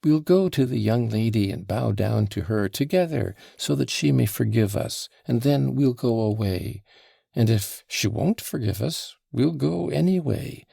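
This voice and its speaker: A man's voice: medium pitch, expressive, measured pace, vocal fry, mellow, slightly rough, no room sound, studio quality, full character voice. A man voicing an impulsive, emotional young woman who is tipsy and pleading, in an audiobook reading. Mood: urgent. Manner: pleading, breathless.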